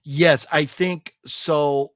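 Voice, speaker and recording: Man, movie review host, animated, profane, high-ish voice, dry close sound. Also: extremely slow, no echo. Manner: animated, profane, acts out scenes in mocking voices. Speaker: film reviewer, podcast host. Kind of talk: casual movie review chat.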